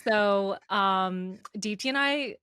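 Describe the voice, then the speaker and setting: A woman's voice: mid-range voice, sharp tone, smooth, dry recording. Casual woman podcast co-host, dry mic. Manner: casual, quick asides, filler-heavy. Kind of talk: casual chat.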